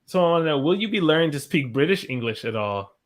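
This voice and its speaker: A man's voice: fairly high pitch, big pitch swings, fast talker. An American man hosting a casual live-stream chat over a video call, rambling and searching for his words. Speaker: host.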